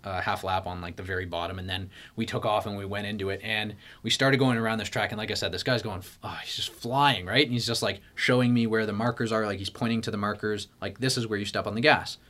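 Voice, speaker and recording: A man's voice: lowish voice, fast talker, hardly any pauses. Chatty young man telling a wild story. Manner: animated, lots of "like" fillers, acts out his own panic. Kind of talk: casual storytelling chat.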